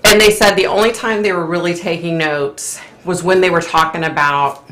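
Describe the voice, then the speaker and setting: A woman hosting a casual live-stream chat, chatty and opinionated, clearing her throat often as her voice wears out. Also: fairly low pitch, fairly even intonation, normal speed, fairly bright tone, reverberant, slight background noise. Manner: chatty, opinionated, frequent fillers. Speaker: host.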